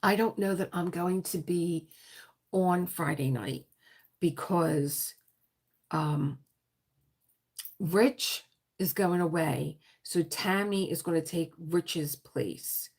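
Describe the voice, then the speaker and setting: A woman with a South Philadelphia accent hosting a casual livestream chat, rambling with quick asides and laughter. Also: on the low side, a little mellow, husky. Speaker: livestream host.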